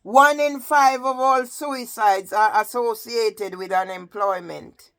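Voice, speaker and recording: A woman's voice: fairly high pitch, takes it slowly, a bit bright. An older woman with a Jamaican accent, giving an impassioned personal testimony and often asking the listener "Yeah?". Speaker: campaigner telling her story.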